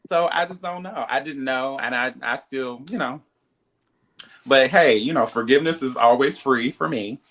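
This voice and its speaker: A man, a reality TV cast member, telling a candid story in an interview, with many "like" and "you know" fillers. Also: normal speed. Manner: animated, acts out quoted dialogue in a higher voice.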